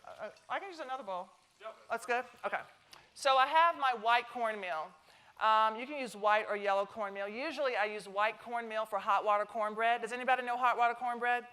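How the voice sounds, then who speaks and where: Woman, Southern American accent, middle-aged, bright forceful voice, chatty and joking, live cooking demo. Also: a little high, brisk, clean tone. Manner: chatty, joking, talks to the audience. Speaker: cooking demonstrator. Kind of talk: live cooking demonstration to an audience. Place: stage kitchen before a live audience.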